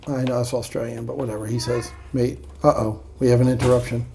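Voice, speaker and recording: A man's voice: mid-range voice, little pitch movement, quick pace, warm tone, slightly rough. A man reading aloud from a self-help book and adding playful, sarcastic comments in a casual vlog.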